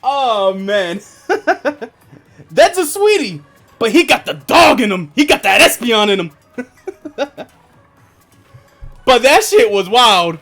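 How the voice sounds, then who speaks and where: A male streamer chatting loosely to his viewers, his pitch swinging widely up and down. He swears freely, laughs often, and leans on filler words as he tells his story. Faint music sits quietly behind him. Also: big pitch swings, moderate pace. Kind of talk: casual storytelling chat on a live stream.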